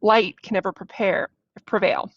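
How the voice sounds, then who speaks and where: A woman's voice: medium pitch, steady tone, moderate pace, no echo, close to an everyday voice. A woman reading the lines of an old blind male prophet, weary and defiant, in a stern, grave way. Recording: dull, dry lo-fi recording.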